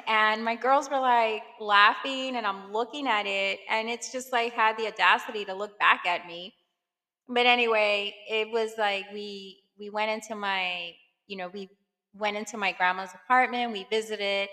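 A woman's voice: medium pitch, moderate pace, sharp tone. Chatty woman in an echoey room. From Brooklyn, New York. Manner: chatty, lots of "you know" and "um", acts out quotes. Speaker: podcast host. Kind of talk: casual personal storytelling. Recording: long reverb, echoey room.

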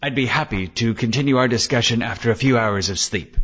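A man's voice: mid-range voice, fairly quick, a bit bright, breathy edge. A man playing a polite, evasive nervous man. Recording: dull lo-fi recording.

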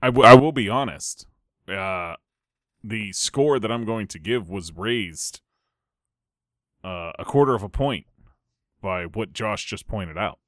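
Wry low-voiced man on a podcast. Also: animated, slow, pauses often, a bit bright, dry recording, clean studio sound. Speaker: podcast co-host. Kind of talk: casual movie review chat.

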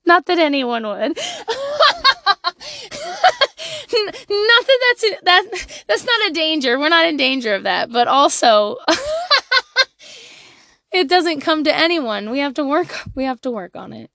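Animated and high-pitched, a mother in her thirties delivers candid, profane parenting advice at a normal speed. She laughs frequently and swings between quiet asides and loud bursts, and there is no room sound.

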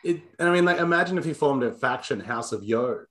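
A man's voice: mid-range voice, lively intonation, fast talker, background noise. A man co-hosting a casual wrestling podcast, speculating in a loose, rambling way. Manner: speculative, rambling, lots of fillers. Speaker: podcast co-host.

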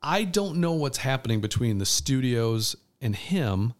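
A man on a casual podcast, telling a story with lively ups and downs in his voice. He trails off into fillers and picks the thread back up. His pitch sits in an ordinary middle range. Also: unhurried. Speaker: podcast co-host. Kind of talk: casual chat.

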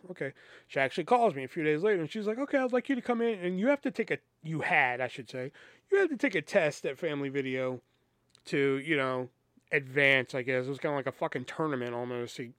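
A man with a fairly high voice tells a casual story as a podcast host. He rambles, swears freely and acts out the people he quotes. The recording is dry and close, with no room sound. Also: a bit bright, dry recording.

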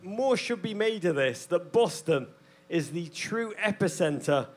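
A man's voice: sits high, animated, unhurried. Theatrical English man hosting live. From England. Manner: theatrical, mock-grandiose, self-deprecating. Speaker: podcast co-host. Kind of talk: live podcast banter on stage. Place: theater stage before a live audience.

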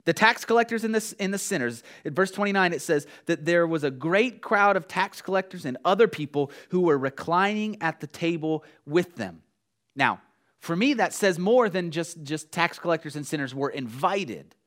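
Male pastor mid-sermon, somewhat high voice, emphatic delivery with quiet drops and repeated lines. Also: expressive, moderate pace. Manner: emphatic, swings from hushed lows to raised exhortation; repeats key phrases for emphasis.

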